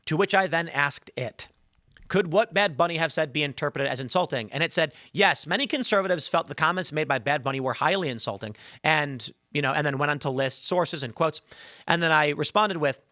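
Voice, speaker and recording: A man's voice: on the high side, brisk, pushed and bright, no room sound, clean studio sound. A man hosting a podcast, telling an exasperated, sarcastic story and acting out both sides of his chats. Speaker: podcast host. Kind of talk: animated opinionated monologue.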